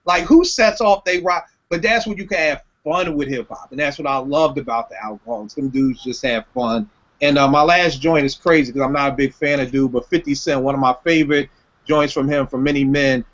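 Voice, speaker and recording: A man chats about hip hop in a lively storytelling way. His voice sits a touch high. The recording sounds dull and lo-fi. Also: brisk. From Philadelphia. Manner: animated storyteller, laughs often. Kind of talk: casual chat about hip hop lyrics.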